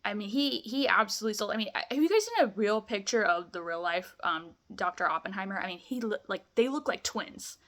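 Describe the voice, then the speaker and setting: A woman's voice: mid-range voice, expressive, fairly quick, few pauses, a bit bright. A young woman vlogging a film review, gushing in casual chat, full of "like" and "amazing".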